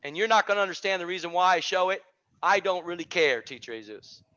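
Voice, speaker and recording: A man hosting an online teaching community, giving an energetic, preachy talk on a video call and repeating phrases for emphasis. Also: sits high, quick pace. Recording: dull lo-fi video call audio.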